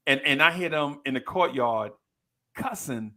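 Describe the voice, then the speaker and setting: A man in his fifties, co-hosting a podcast, telling a story with lively energy and acting out the people in it. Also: medium pitch, unhurried. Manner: animated storyteller, acts out quoted people in a raised voice. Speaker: podcast co-host. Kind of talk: casual chat.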